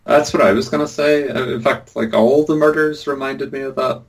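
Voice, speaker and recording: A man's voice: mid-range voice, fairly even intonation, normal speed, slightly rough. A man in a casual film podcast chat, speaking hesitantly and full of fillers. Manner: hesitant, many fillers like 'like' and 'uh'. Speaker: podcast co-host.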